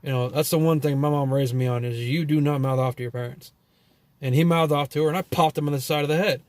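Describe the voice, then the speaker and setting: Profane rambling man, fairly high voice. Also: steady tone, fast talker, a little mellow, no echo. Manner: profane, rambling, full of "you know" and "like". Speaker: vlogger. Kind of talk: casual storytelling rant.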